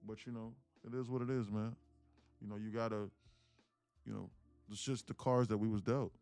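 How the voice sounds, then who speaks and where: A day trading streamer around thirty speaks on a live stream in a lowish, darkish, clear, resonant voice, steady in tone and moderate in pace. He tells viewers a heartfelt story emphatically, keeps repeating "listen, look", and swears casually. The recording is a dry close mic with faint music in the background.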